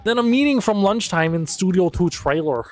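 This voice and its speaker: A man putting on a nerdy male TV director from a video game, with a shaky mock Scandinavian accent that keeps slipping toward Scottish. He brags in a quick, offhand way, and the pitch swings around a lot. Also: animated, faint music behind. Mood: casual. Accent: mock Scandinavian drifting to Scottish.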